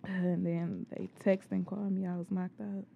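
A laid-back woman co-hosting a podcast, answering briefly and chuckling as she tells her story. Her middle-pitched voice carries a gravelly, creaky edge, with faint background noise behind her. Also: level tone, moderate pace, lo-fi sound. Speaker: podcast co-host. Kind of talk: casual chat.

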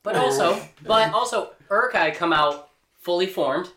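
A man's voice: high-pitched, normal speed, roomy sound. A man hosting a casual movie podcast, rambling and cutting himself off with asides that trail into mumbles. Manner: rambling, self-interrupting, swinging from animated to mumbled asides. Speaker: podcast host.

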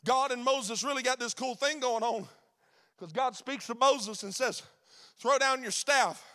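A man preaching a sermon, rising into shouted, sing-song preaching. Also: very high-pitched, normal speed. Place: church sanctuary.

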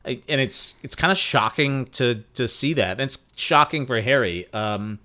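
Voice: medium pitch, normal speed, pushed and bright. Agreeable podcast cohost in casual chat.

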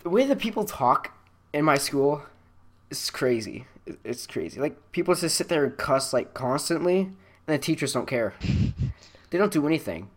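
A teenage guy rambles through a story on a casual podcast, laughing often between his sentences. His pitch swings widely and he stumbles over frequent restarts and fillers. He talks over an online call. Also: very animated, normal speed, a little hiss or hum. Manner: laughs a lot, rambling, many likes and restarts. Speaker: podcast co-host. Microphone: online call microphone.

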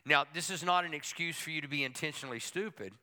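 Bright, clear-voiced man preaching a sermon. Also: on the high side, fast talker. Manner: folksy and humorous, with playful asides to the congregation. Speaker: pastor.

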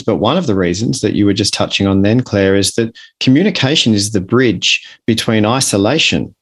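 An Australian man speaking earnestly as an author guest in a podcast interview, getting animated when he acts out his examples. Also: lowish voice.

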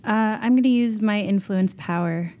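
A woman's voice: medium pitch, normal speed, darkish tone, dull audio. A woman playing a tabletop game who speaks in a playful, breezy way. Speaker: player. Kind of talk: tabletop role-play.

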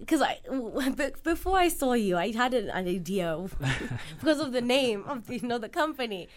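A woman's voice: a little high, very animated, a little fast. A woman hosting a radio interview in a studio, enthusiastic and upbeat. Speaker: radio host.

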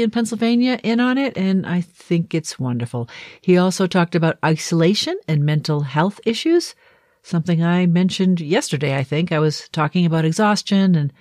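A woman's voice: on the low side, darkish tone, no room sound, clean studio sound. A middle-aged woman from the Boston area with a faint Boston accent, chatting through a casual daily video diary with light laughs. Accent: Boston, mostly softened. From Boston area, Massachusetts. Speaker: video diarist.

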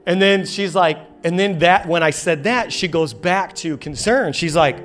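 A man's voice: sits high, normal speed, few pauses, soft background music. A man in his thirties preaching a sermon in a church auditorium, telling a funny story with lots of energy and playful acted quotes. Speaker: pastor.

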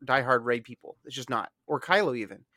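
A man hosting a casual podcast chat, rambling and animated with lots of fillers. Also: medium pitch, brisk, dry recording, clean studio sound. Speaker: podcast host.

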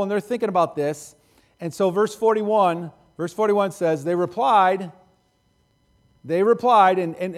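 A male pastor preaching in a conversational way, repeating phrases and laughing often. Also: sits high. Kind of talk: sermon.

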